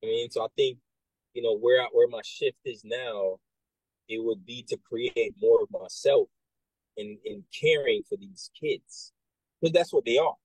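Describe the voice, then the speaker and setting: Man, recruiter, casual talk, husky, dry, animated, restarts a lot. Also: medium pitch, a little slow, dry recording, poor audio. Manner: animated storyteller, acts out quoted voices, many restarts and "right?". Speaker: military recruiter. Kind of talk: casual conversation.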